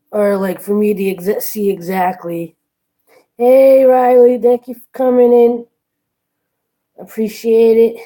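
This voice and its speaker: A woman's voice: medium pitch, dark tone, low-quality recording. A tired woman chatting casually with her live-stream viewers from her workplace, yawning and thanking them one by one.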